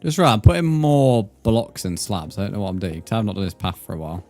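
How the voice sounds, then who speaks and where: Young English male streamer, low-pitched and jokey, swearing casually while gaming, faint music underneath. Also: fast, few pauses, a little mellow. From England. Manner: chatty, joking, swears freely, reads chat aloud.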